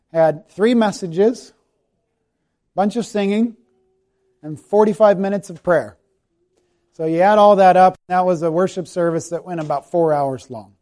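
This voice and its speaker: Mellow-voiced man preaching a sermon. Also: sits high. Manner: conversational, self-deprecating preaching that softens to a quiet prayerful close. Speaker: pastor. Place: church sanctuary.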